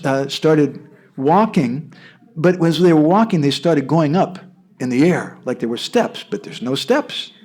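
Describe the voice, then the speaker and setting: An American man telling a devotional story in a lively way, often checking in with his listeners. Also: fairly high pitch. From United States. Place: devotee's home.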